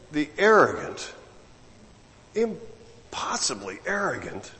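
Animated preacher in a reverberant hall. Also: male voice, a little high. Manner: conversational, repeats words, lively asides. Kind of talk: sermon.

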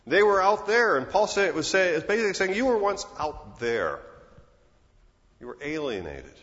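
A man's voice: high voice, big pitch swings, moderate pace, fairly bright tone. Older man preaching in a reverberant hall. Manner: earnest, conversational preaching with restarts. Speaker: pastor. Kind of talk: sermon. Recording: muffled sound with long reverb in a large hall.

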